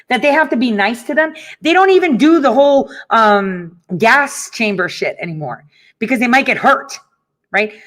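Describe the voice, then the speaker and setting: A middle-aged woman with a high, slightly bright voice hosts a talk show, talking casually to listeners. She tells stories and rants bluntly, swearing often and laughing along the way.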